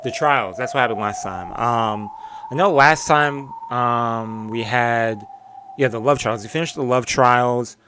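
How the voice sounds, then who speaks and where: A male streamer chats casually and playfully with his viewers. He laughs often and stumbles over his words. His voice sits in an ordinary middle pitch. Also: unhurried, background noise. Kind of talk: casual live-stream chat.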